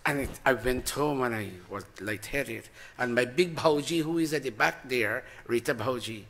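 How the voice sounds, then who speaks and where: A man preaching a sermon, emphatic and animated, swinging from loud to soft. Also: mid-range voice, moderate pace. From Guyana. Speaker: spiritual teacher.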